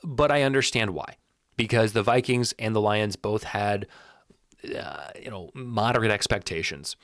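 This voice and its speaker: A man hosting a casual sports commentary video, blunt and animated, often restarting and repeating words when worked up. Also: lowish voice, no echo, clean studio sound.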